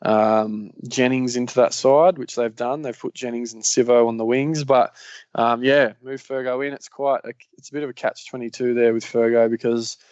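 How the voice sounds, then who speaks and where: A man's voice: mid-range voice, fairly even intonation, normal speed, darkish tone, clean tone, no echo. A man with an Australian accent hosting a casual sports podcast, rambling along with lots of ums and yeahs. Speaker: podcast host. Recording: slightly muffled lo-fi recording.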